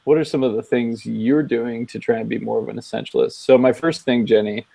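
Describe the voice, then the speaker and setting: A man co-hosting a casual chat, relaxed and measured, with many ums, wearing headphones. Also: medium pitch, gravelly, slightly rough, dry recording. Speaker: co-host.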